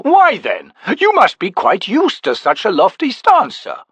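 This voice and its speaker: A man's voice: high voice, huge pitch swings, measured pace, a bit bright, husky, pitched above the performer's own voice, exaggerated voice. A male narrator voicing a short, round, fawning male spy who speaks breathlessly in an audiobook. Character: fussy round male spy, eager and gushing. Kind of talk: audiobook character voice.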